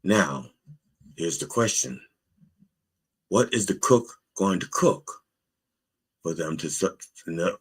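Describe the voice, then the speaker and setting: A male preacher delivers a tongue-in-cheek sermon at a slow, deliberate pace. His voice is low and slightly husky, with a bright edge and lively pitch swings. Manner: playful, explanatory, with asides and fillers. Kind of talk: comedic sermon.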